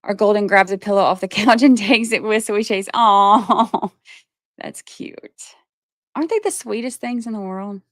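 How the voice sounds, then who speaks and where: A woman's voice: medium pitch, moderate pace, no room sound, studio quality. A woman from Georgia, chatting casually on her livestream and laughing often as she talks to her viewers. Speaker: livestream host.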